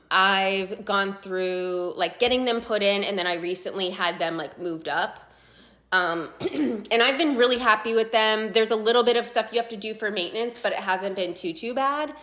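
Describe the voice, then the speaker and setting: A young woman speaks in a relaxed, everyday vlog style. She keeps an ordinary middle pitch, fills her talk with little hesitations, and comes across as earnest and open. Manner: chatty, filler-heavy, earnest. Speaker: patient sharing her story.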